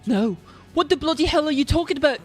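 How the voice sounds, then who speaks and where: A woman voicing a brash, hot-tempered young man who talks fast and sounds exasperated. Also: sits high, animated, faint music behind, pitched above the performer's own voice. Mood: angry.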